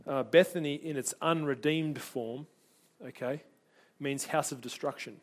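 A man's voice: mid-range voice, a little slow. A man preaching a sermon to his congregation, earnest and conversational, often repeating words as he restarts. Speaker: pastor.

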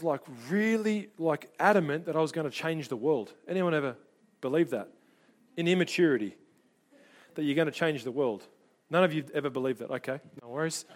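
A middle-aged man preaches with a fairly high voice that climbs and drops with his stories. He tells anecdotes in an animated way and briefly takes on the voices of the people in them. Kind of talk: sermon with personal stories.

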